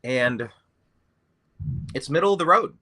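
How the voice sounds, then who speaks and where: Male host, bright tone, easygoing chat, playful rambling delivery. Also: on the high side, animated, a little slow. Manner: playful, rambling, mock-grand intros. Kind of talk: casual podcast chat. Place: Louisville, Kentucky.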